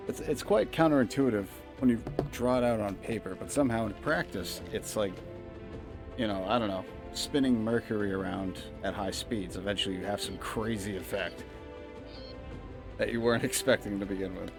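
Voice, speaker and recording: A man's voice: on the low side, normal speed, vocal fry, music in the background. A young man streaming a strategy game, rambling and swearing in casual joking commentary, laughing often. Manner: rambling, profane, joking asides.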